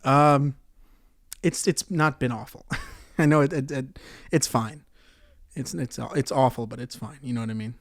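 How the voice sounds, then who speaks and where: A man hosting a comedy podcast, delivering a profane ranting monologue that swings between loud outbursts and muttered asides. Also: medium pitch, moderate pace, no echo, clean studio sound.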